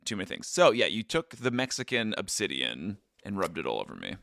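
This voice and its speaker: Lively, joking man podcast co-host. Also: fairly low pitch, a little fast, vocal fry, no room sound, studio quality. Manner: joking and playful. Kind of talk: casual podcast chat.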